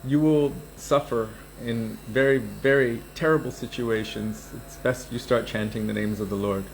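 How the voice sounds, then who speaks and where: A man's voice: medium pitch, steady tone, normal speed, gravelly, a little hiss or hum, pitched below the performer's own voice, close to an everyday voice, low-quality recording. A man voicing a male divine sage who earnestly warns a sinful man to start chanting. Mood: warning.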